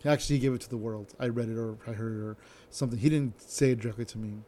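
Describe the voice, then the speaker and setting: A man's voice: medium pitch, steady tone, racing, dark tone. A young adult man, a stand-up comedian, talking casually and rambling on a solo podcast, who tends to slur his words and swears freely.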